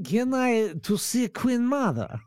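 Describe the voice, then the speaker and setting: A man's voice: very high voice, very animated, takes it slowly, a little mellow, clear, resonant tone, no echo, clean studio sound, pitched above the performer's own voice, heavily acted. A man faking a pleading put-on Ukrainian accent. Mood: pleading, earnest. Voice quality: broken English.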